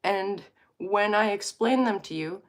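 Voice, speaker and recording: With a mid-range voice and an unhurried pace, a woman in her thirties from Alberta, Canada, vlogs to her viewers. She's casual and playful, rambling on and stopping herself partway through.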